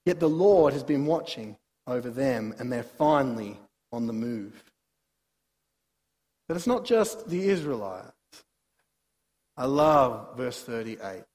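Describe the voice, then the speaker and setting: A man preaching through a Bible passage, animated, dropping to soft asides and rising to emphatic bursts. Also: medium pitch, slow pace, long pauses, big-room sound. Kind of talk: sermon, Bible exposition.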